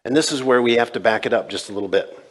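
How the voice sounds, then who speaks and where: A man's voice: mid-range voice, very fast. A male pastor preaching a sermon in a conversational way, retelling scenes and voicing quoted dialogue. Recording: long reverb in a large church.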